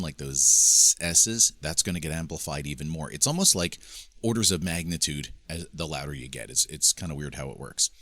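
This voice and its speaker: A man's voice: very deep voice, a bit bright, no room sound. A man coaching speakers on microphone technique in a casual, step-by-step demonstration from a home studio. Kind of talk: instructional video demo. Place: home studio with mixing board. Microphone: switching between handheld microphones.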